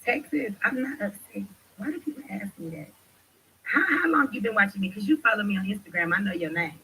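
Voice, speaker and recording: A woman hosting a livestream, talking loudly and passionately with lots of swearing as she rants and reads chat. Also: medium pitch, expressive, a little fast, a little hiss or hum, rough recording. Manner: loud, passionate, profane ranting. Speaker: livestream host. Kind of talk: livestream commentary.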